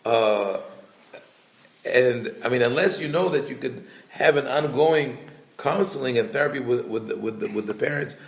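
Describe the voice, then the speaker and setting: Gravelly rabbi teaching in a roomy echo. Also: male voice, medium pitch. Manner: retells quotes in lively voices, reads Hebrew quickly; thinking aloud with restarts. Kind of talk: talmudic story lesson.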